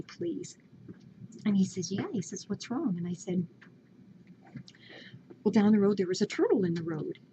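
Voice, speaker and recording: A woman's voice: mid-range voice, mellow, a little hiss or hum. A woman animatedly retelling a story in casual chat, laughing often. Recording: lo-fi home video with faint ambience.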